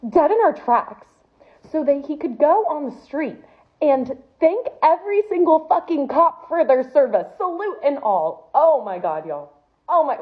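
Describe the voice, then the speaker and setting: A young woman telling comedic dating stories in an exasperated, incredulous rant. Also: mid-range voice. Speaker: comedic storyteller. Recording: tinny phone-like sound.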